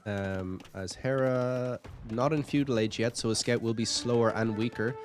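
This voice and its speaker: A man's voice: medium pitch, fairly even intonation, normal speed, faint music behind. A man giving casual commentary on a strategy game match, chatty and thinking aloud with light jokes. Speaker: game caster.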